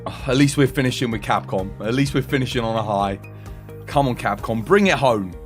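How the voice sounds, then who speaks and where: A young British man chatting casually on a live stream, animated and laughing in exasperated banter. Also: mid-range voice, fairly quick, faint music behind. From United Kingdom.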